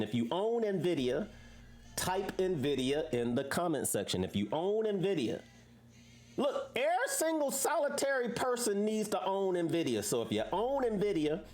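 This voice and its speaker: A woman's voice: medium pitch, a little mellow. A woman hosting a casual livestream, talking to viewers in a preachy way full of rhetorical questions. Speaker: livestream host.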